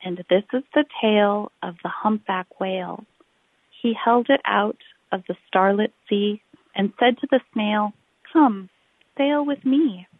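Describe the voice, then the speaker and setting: A woman reading a children's picture book aloud, rhythmic and expressive, drawing out her phrases. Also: medium pitch, unhurried, dry recording. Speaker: storyteller. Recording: tinny phone-like recording.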